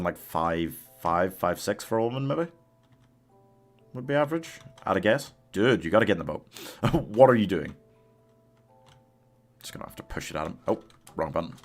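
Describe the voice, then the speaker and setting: A man's voice: low voice, fairly bright tone. A man streaming a game live, chatting casually with his chat, laughing often and coaxing his companion along. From United Kingdom.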